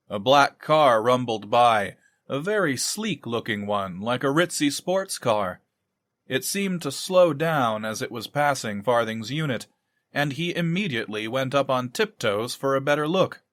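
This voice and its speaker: A man reading a novel aloud in measured scripted narration. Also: medium pitch, fairly bright tone, no room sound, clean studio sound. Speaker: audiobook narrator.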